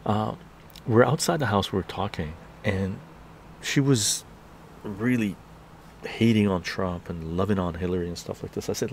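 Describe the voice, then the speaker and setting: A man's voice: on the low side, a little slow, a little hiss or hum. A man hosting a live stream, telling a story in a heated, ranting way outdoors on a patio, often tagging his sentences with "right?". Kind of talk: casual political monologue.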